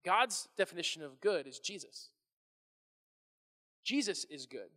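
A man preaching a sermon as pastor, animated and conversational, often restarting his phrases. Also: high voice, a little slow, in a large hall.

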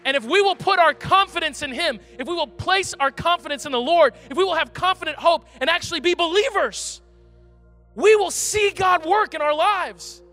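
A pastor preaching a sermon, animated and conversational, with emphatic outbursts. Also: male voice, very high-pitched, normal speed. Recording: reverberant hall, faint music.

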